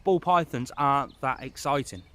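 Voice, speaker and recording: A man with a medium-pitched, sharp-toned voice speaks at normal speed while offering pet-snake tips to camera, standing outdoors in the rain. His talk is rambling and full of chatty asides, and he occasionally loses track of where he was.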